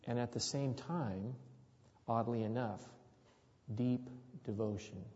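A man's voice: medium pitch, slow, warm tone. A man preaching a sermon, telling a story earnestly and often repeating his words. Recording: dull sound with long hall reverb.

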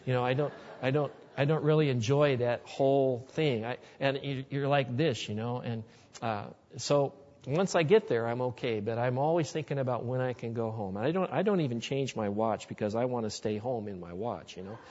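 A man with a middle-pitched voice gives a storytelling sermon, earnest and folksy in manner. His voice carries a long reverb off a large hall. The recording is dull and lo-fi. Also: moderate pace, darkish tone. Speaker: Christian speaker. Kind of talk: storytelling sermon to a live audience.

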